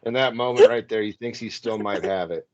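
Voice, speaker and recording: A man's voice: on the low side, brisk, muffled recording, noisy background. A man co-hosting a podcast, making crude sarcastic jokes and laughing. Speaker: podcast co-host. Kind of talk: casual comedic commentary.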